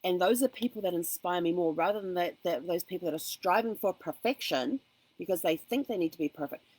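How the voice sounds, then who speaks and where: Woman, host, motivational self-help talk, earnest, encouraging, fairly low voice, dry recording. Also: brisk, darkish tone, no room sound, low-quality recording. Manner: earnest, encouraging, personal asides.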